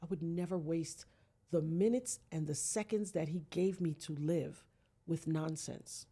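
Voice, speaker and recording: In a low, unhurried voice with a breathy edge, a woman shares a dramatic personal story on a podcast as a guest. She voices the people she quotes, and her emotional delivery ranges from a hush to near-shouting.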